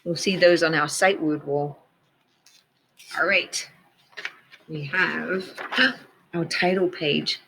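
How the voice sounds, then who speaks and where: Woman, teacher, reading a picture book aloud, unhurried, low-pitched, gentle and expressive, faint hiss behind. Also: creaky, rough recording. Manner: gentle, slow and expressive, pointing out details in the pictures.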